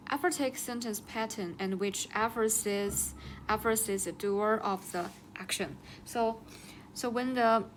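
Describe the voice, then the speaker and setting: Slow, patient woman teacher. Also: mid-range voice, fairly bright tone, slight background noise. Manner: says each word twice, slow and deliberate. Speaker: Chinese language teacher. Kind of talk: slow teaching explanation, repeating words.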